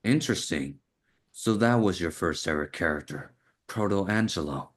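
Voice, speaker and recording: A man hosting an interview, asking questions in an earnest, halting way with restarts. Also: low-pitched, animated. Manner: earnest, halting, repeats words. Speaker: interview host. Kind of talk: casual interview.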